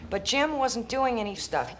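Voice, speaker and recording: A woman's voice: fairly high pitch, heavy background noise. A woman giving a frank, joking interview about the past. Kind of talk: candid interview recollection.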